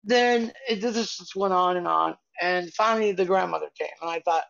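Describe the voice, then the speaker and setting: Gravelly-voiced older woman telling stories. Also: lowish voice, normal speed, hardly any pauses, a bit bright, muffled recording. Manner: chatty, meandering, with frequent restarts. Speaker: podcast co-host. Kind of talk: casual storytelling chat.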